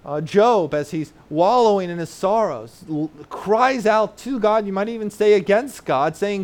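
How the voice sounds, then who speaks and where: A man preaching a sermon, explaining ideas plainly and often pausing with "uh" or checking in with "right?". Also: high voice, darkish tone. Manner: earnest teaching with frequent "uh" and tag "right?"; explains terms plainly for children in the congregation. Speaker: pastor.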